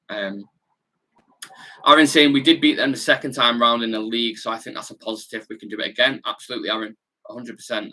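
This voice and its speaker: This young man from Salford, England, speaks in a mid-range, bright voice with a forceful tone and a Salford, Manchester accent. He hosts a football watch-along for his fan channel, chatting bluntly in slang while reading viewer comments.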